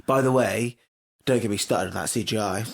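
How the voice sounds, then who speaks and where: A man's voice: lowish voice, brisk, creaky. A young man co-hosting a podcast, chatting bluntly and swearing freely as he reviews a TV episode. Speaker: podcast co-host. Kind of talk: casual chat reviewing a TV episode.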